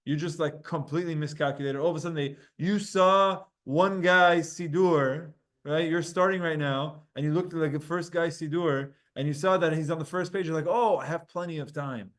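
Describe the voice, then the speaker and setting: A man's voice: fairly high pitch, fairly even intonation, a bit bright. A man teaching a Talmud class. He reads Hebrew and Aramaic passages aloud, translates them, and breaks off to speak to his students by name. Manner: explains texts, reading Hebrew and Aramaic aloud and translating with quick asides.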